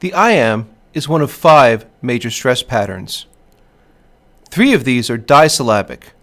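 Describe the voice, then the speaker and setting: Guy reading a poetry lesson, steady mid-pitched voice, careful and clear. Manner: clear and measured, sounds out stress patterns. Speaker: teacher. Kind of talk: scripted lesson narration.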